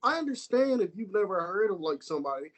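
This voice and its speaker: An American man talking wrestling on a casual podcast, animated and swearing, repeating himself as he rants. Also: sits high, quick pace, low-quality recording. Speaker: podcast co-host.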